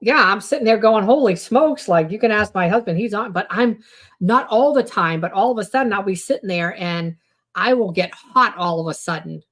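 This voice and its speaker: A woman chatting casually as a guest, telling personal stories and quoting herself with lively exclamations. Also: fairly quick. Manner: animated storyteller, quotes herself with high exclamations. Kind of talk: casual chat.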